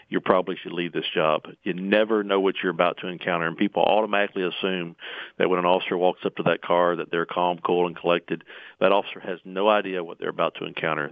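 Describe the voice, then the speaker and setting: A man's voice: low-pitched, no room sound. A middle-aged man, speaking as a police union representative on an interview show, earnest and given to restarts. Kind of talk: interview guest. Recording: tinny phone line.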